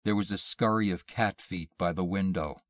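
A man slowly reading a horror short story aloud in a measured, hushed way. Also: low-pitched, dry recording. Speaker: narrator. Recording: dry close mic, audio only.

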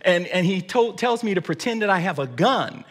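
High-voiced man preaching in church reverb. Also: lively intonation, normal speed, a bit bright, breathy edge. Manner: preaching with repeated restarts. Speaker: pastor. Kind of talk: sermon. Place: church sanctuary.

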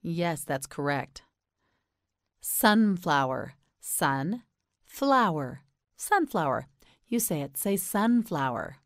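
An American woman teaching English pronunciation in a slow, scripted lesson, patiently repeating each word and encouraging the learner. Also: low voice, animated, dry recording, clean studio sound.

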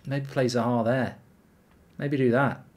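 A man giving excitable, sweary live commentary while he plays a football video game. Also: medium pitch, a little slow. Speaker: gaming streamer.

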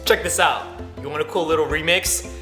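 A man hosting a playful toy unboxing vlog, teasing and pleading with a toy in an animated way. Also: fairly high pitch, a little fast. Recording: echoey room with background music.

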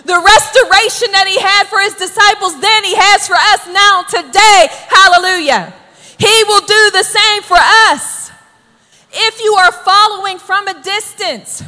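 A woman preacher delivering an emphatic, exhorting sermon that builds to shouted calls to the congregation. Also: very high-pitched, steady tone, measured pace, in a large hall.

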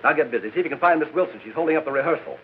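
An actor playing a stern, middle-aged radio station boss who scolds in clipped phrases in a 1940s film. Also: male voice, fairly high pitch, lively intonation, very fast, close to an everyday voice. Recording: tinny 1940s film soundtrack with hiss.

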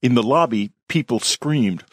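Slow, measured male storyteller. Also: medium pitch, animated, slightly rough, no room sound, studio quality. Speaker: author reading his own story. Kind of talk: scripted horror story narration.

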